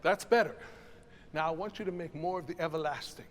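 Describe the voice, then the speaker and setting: An older man leading a choir rehearsal as conductor, animated, demonstrating phrases by singing them. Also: on the high side, a little fast, in a large hall. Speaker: choral conductor. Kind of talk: choral masterclass rehearsal.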